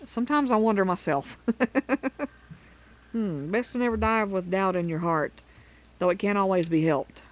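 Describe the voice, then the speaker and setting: A woman reading a friendly game character's lines aloud in a slightly lower voice, with a plain reading. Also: normal speed, pauses often, natural voice, poor audio.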